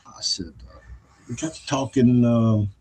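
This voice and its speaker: A man's voice: mid-range voice, unhurried, a little mellow, slight background noise. A man hosting his own show, talking in a blunt, profane, scornful casual monologue and laughing between phrases. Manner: laughs between phrases while telling stories. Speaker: show host.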